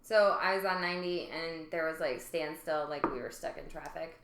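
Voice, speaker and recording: A woman's voice: deep voice, normal speed, a bit bright. A woman co-hosting a podcast, telling stories in a chatty, casual way and laughing often. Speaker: podcast co-host. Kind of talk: casual chat. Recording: roomy echo.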